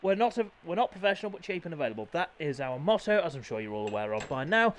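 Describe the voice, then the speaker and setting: A man with a high voice calls an online motorbike race, swinging between chatty asides and sudden bursts of excitement as riders crash and pass. He jokes at his own expense and scolds himself mid-commentary. Clear background noise runs under his voice. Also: quick pace. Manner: excitable, self-mocking, talks to himself. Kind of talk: sim racing commentary.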